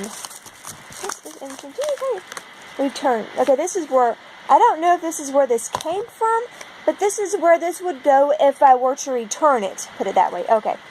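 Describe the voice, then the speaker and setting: A woman's voice: high-pitched, darkish tone, slight background noise, low-quality recording. A young American woman vlogging casually, thinking aloud and puzzling over things as she browses on her computer, recorded on a phone propped against her laptop. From United States. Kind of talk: casual vlog narration while browsing a map on a computer.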